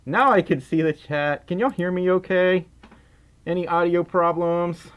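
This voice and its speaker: Man, Southern accent, sleep-deprived, giggly, rambling livestream chat, fairly high voice, bouncy pitch. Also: very animated, normal speed. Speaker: livestream host.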